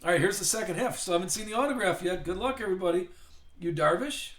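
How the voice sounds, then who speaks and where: A man's voice: high voice, lively intonation, fast talker, a bit bright. An older man hosting a live card break, chatting in a rambling way as he reads out player names. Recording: echoey room.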